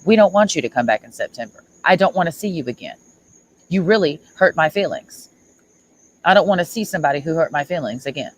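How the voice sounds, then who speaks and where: A woman's voice: sits low, lively intonation, fast, low-quality recording. A woman streamer ranting at someone in a sarcastic, mocking and confrontational way. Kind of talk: livestream rant.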